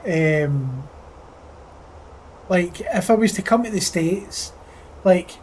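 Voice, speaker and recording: A man's voice: sits high, lively intonation, takes it slowly, a little mellow, slight background noise. A Scottish man chatting casually on a flight sim live stream, full of crude, profane joking banter with his chat. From Scotland.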